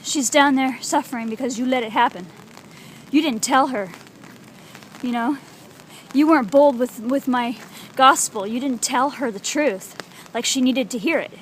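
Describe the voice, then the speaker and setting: A woman voicing a stern, deep-voiced male figure who delivers a rebuke. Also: normal speed, pauses often, slight background noise, close to an everyday voice, rough recording. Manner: stern, reproachful.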